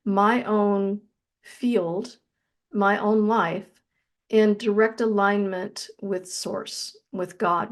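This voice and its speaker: A woman guest in an interview, telling a personal spiritual story in an earnest, reflective way and slowing down on key phrases. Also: mid-range voice.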